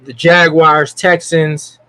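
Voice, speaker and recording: A man hosting a casual sports podcast, talking earnestly and halting with fillers. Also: a little high, little pitch movement, pushed and bright, clean tone, no echo. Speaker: podcast host.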